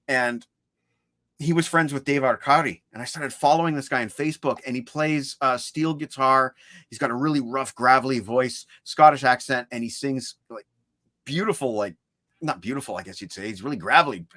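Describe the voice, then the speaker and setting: With a mid-range voice and moderate pace, a man co-hosting a livestream chats eagerly about his CD collection. The sound is studio quality, with no room sound.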